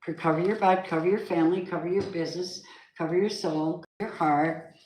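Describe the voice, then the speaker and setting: Low-voiced woman reading tarot, emphatic. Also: fairly even intonation, brisk, darkish tone, a little hiss or hum. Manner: emphatic, preachy, talks straight to the viewer. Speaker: tarot reader. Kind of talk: casual spiritual tarot reading. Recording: echoey room.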